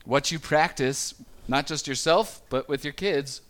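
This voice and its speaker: A man giving a sermon on parenting in a relaxed, conversational way, stumbling a little and briefly acting out quotes from parents and children. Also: fairly high pitch. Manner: conversational, with small stumbles and quick acted-out quotes. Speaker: pastor.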